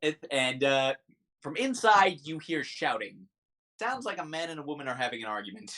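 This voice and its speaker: A man narrating as game master of a tabletop game, halting with many fillers and restarts. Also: fairly high pitch, sing-song, pushed and bright.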